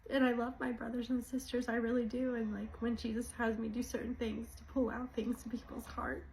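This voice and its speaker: A woman's voice: fairly high pitch, flat delivery, a little fast, creaky, a little mellow, slight background noise, low-quality recording. A woman talking casually and emotionally to her viewers about her faith, rambling and apologizing as she goes. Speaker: co-host of a religious channel.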